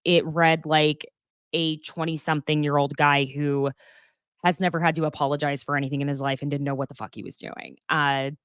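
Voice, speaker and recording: A young woman chats on her live stream in a low voice, rambling and laughing as she goes. The sound is close and dry, with no room around her. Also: level tone, fairly quick, a bit bright, clean tone, dry recording. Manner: chatty, rambling, laughs often. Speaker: host of a live gossip stream. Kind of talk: casual live-stream chat.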